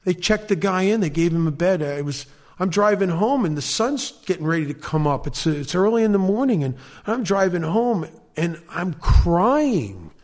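A man's voice: sits high, big pitch swings, normal speed. A man speaking at a recovery meeting, telling his personal story in an earnest, emphatic way with flashes of wry self-mocking humor.

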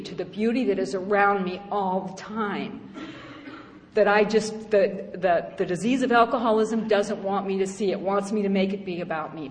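A middle-aged woman giving a personal testimony at a recovery meeting. She tells it in an animated, humorous way and acts out other voices. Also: medium pitch. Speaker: speaker sharing her story at a recovery meeting. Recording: echoey hall with faint background noise.

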